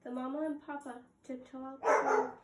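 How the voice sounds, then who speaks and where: A young woman with a high voice and a level tone teaches preschoolers at circle time. She reads aloud slowly in a sing-song way and prompts the children with exaggerated gasps and questions. The room is echoey and there is heavy background noise.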